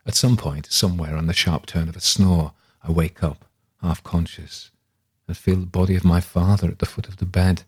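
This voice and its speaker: Very deep husky male reader. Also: steady tone. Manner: measured, reflective narration. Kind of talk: literary audiobook reading.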